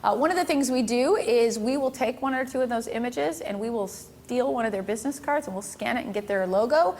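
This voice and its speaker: Lively woman photographer telling a story. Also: fairly high pitch, a little fast, a little hiss or hum. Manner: lively, laughs often, acts out dialogue. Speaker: photographer giving a talk. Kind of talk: storytelling presentation to an audience.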